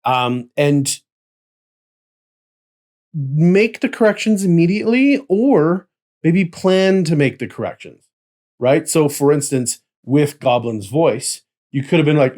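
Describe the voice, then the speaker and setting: A man's voice: fairly high pitch, animated, slow, darkish tone. A man co-hosting a casual chat about tabletop role-playing, explaining at length and checking in with "right?" as he goes. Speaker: podcast co-host.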